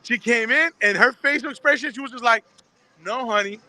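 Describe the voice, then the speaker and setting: High, bright, fast-talking man telling stories. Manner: excitable, swearing, acts out customers in loud bursts. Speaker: HVAC business owner, guest. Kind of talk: animated storytelling in an interview.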